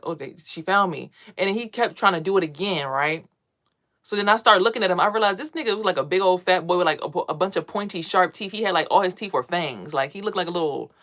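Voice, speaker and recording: In a casual spiritual monologue, a mother and vlogger rambles to camera about meditation and energy, cursing with a streetwise edge. Her voice is on the low side with a fairly bright tone.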